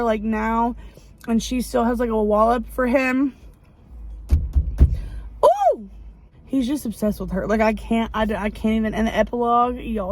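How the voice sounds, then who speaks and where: A woman, chatting excitedly and rambling with many fillers as she recaps a romance novel. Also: fairly high pitch, rough recording. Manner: gushing, rambling, lots of fillers. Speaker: book vlogger. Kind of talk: casual book review chat. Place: outdoors near a parking lot.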